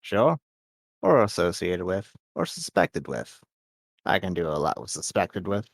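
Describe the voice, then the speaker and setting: Sly gang fixer played by a man, low voice, probing, lets pauses hang. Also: sing-song, gravelly, no room sound, full character voice. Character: smooth, scheming male gang representative. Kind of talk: voicing a character in a tabletop game.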